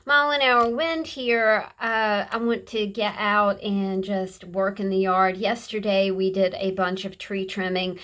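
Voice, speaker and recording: A woman's voice: medium pitch, fairly even intonation, fairly bright tone. A woman vlogging in a casual, meandering chat as she decorates a journal. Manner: meandering, chatty and unhurried. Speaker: craft vlogger. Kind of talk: casual chat while crafting.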